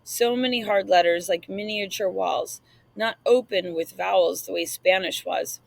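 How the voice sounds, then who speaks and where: Woman, audiobook narrator, gravelly fry, dry close sound, measured reflective reading. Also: medium pitch, no room sound, poor audio. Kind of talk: first-person literary narration.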